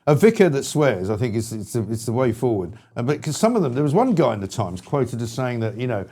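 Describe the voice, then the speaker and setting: A man's voice: mid-range voice, quick pace. An English man co-hosting a casual opinion talk show, telling anecdotes with frequent laughs and asides. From England. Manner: animated storytelling, laughs often, trails into asides.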